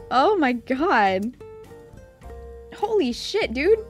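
Woman streamer with a high, bouncy voice; excitable, rambling, swears freely; faint music underneath. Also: unhurried. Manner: rambling, repeats herself. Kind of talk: casual live-stream chat.

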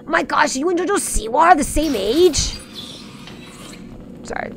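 A woman's voice: high-pitched, lively intonation, measured pace, vocal fry, slight background noise. A young woman streaming a video game, bubbly and playful, gasping and chattering with her viewers as she plays. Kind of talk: live game streaming chat. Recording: faint game music under voice.

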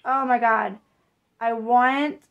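A woman who collects reborn dolls, gushing breathlessly in an excited unboxing vlog and shaky with excitement. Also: fairly high pitch, slow, phone-quality sound.

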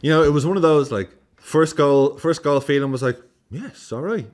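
This vlogger delivers animated, casual football commentary, swearing freely and acting out his reactions. His voice sits on the high side and moves briskly.

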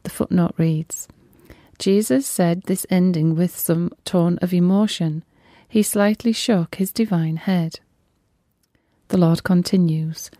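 A woman reads devotional messages at a very slow, unhurried pace. Her tone is mellow and reverent. The recording is dry and close, with no room sound. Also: lowish voice, fairly even intonation, dry recording. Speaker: reader of religious messages.

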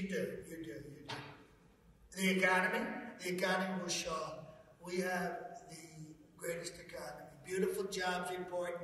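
A boastful, petulant president who brags and whines over and over. His voice sits high and sounds bright and sharp. He is recorded from a distance in a hall with a long, echoey reverb. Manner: boastful, repetitive, whiny. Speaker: actor doing a president impression. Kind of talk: comedic impression.

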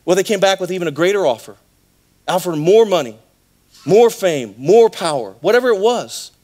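A man preaching a sermon in a church, telling a Bible story in an animated way with acted voices. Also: high-pitched, moderate pace. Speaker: pastor.

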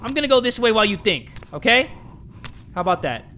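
A young man commentating a horror game, excitable and jokey, dropping to a hush and then shouting. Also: high-pitched, fast talker, a little hiss or hum. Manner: excitable, jokey, swings between hushed and shouting. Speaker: gaming commentator.

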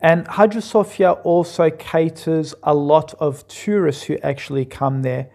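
Man, fairly high voice, earnest, argumentative, reaction commentary. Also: steady tone, unhurried, a little mellow. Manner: earnest, argumentative, repeats points.

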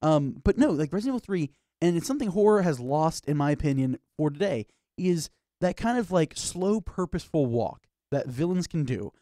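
A man co-hosting a casual podcast, talking animatedly and acting out little scenes in put-on voices. His voice sits high and swoops all over. The sound is close and dry, with no room around it. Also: lively intonation, fairly quick, mellow, no room sound. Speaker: podcast co-host. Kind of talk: casual chat about games and horror.

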